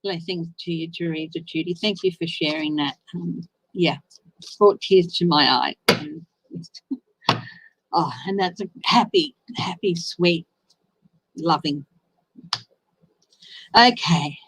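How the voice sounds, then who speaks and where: A woman's voice: fairly low pitch, takes it slowly, pauses often, background noise. A woman giving a casual live tarot reading, chatty and openly emotional as she answers viewers. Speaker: tarot reader.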